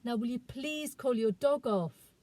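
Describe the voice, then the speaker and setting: A woman's voice: fairly high pitch, unhurried, dark tone, no echo, voice pushed up, close to an everyday voice. A woman reading the lines of a determined young village girl on a desperate journey, in an urgent, pleading voice.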